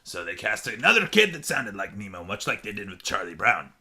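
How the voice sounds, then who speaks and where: Man playing a pirate captain, gravelly bright voice, lively pitch, keeps saying aye. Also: fairly quick, full character voice. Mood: chatty. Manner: peppers talk with pirate "aye" and "yar". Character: male pirate captain, jovial and bloodthirsty. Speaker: podcast co-host. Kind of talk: costumed casual chat.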